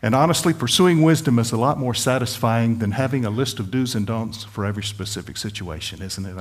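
A man's voice: mid-range voice, slightly rough. A middle-aged man preaching a sermon in a conversational, pleading way, with self-deprecating asides. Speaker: pastor.

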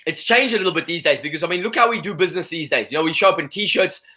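A man's voice: on the high side, animated, rapid-fire, bright, forceful tone. A man being interviewed in a casual chat, talking with energy and saying "you know" a lot. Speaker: interview guest.

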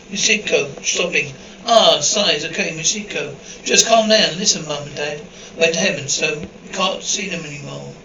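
Man, script reader, reads cues and dialogue the same, higher voice, roomy echo, faint hiss. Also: sharp tone, recorded from a distance, lo-fi sound. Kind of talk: reading an episode script aloud, cues included.

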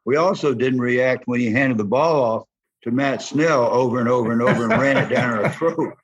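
An older man with a Southern accent, a former football player telling folksy, animated stories in an interview. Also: mid-range voice, normal speed, slightly rough. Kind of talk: storytelling interview. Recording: dull lo-fi sound.

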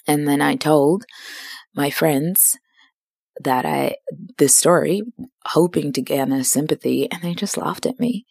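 A woman's voice: deep voice, unhurried, creaky, pauses often, a little mellow, slightly rough, dry recording, clean studio sound. A woman in her twenties hosting a podcast, telling stories in a chatty, self-dramatizing casual monologue. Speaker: podcast host.

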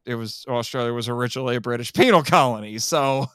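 A man's voice: mid-range voice, fast, clean tone, no room sound. A man co-hosting a podcast in casual, joking chat, laughing often. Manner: jokey, playful, laughs often. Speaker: podcast co-host. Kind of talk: casual chat reviewing a tokusatsu show.

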